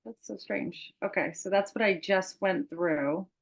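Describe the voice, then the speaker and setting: A woman presenting a webinar on a video call, relaxed and filling pauses with "okay". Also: mid-range voice, creaky.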